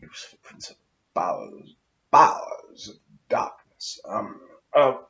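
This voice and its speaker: Posh english guy smoking as he rambles, swears a lot, lowish voice that swings all over, kinda dull muffled audio. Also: wildly swooping pitch, slow, vocal fry, fairly bright tone. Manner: profane, meandering, self-mocking asides; smoking while talking. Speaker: vlogger. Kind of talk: rambling monologue to camera.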